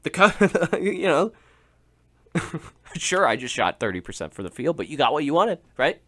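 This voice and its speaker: A man's voice: fairly high pitch, big pitch swings, normal speed, sharp tone. A young man hosting a radio show, rambling through a joking monologue with laughs and restarts. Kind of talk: casual comedic monologue.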